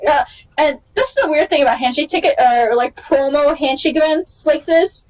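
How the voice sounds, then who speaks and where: High-voiced excitable woman podcast host. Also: brisk, rough recording. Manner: excitable storyteller, acts out quotes with big pitch jumps. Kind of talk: casual podcast chat.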